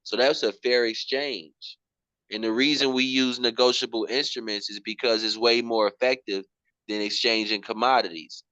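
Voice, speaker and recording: A man's voice: medium pitch, steady tone, moderate pace, sharp tone, dry recording, lo-fi sound. A man teaching finances in casual slang, often repeating himself and calling his listener "bro". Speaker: program instructor.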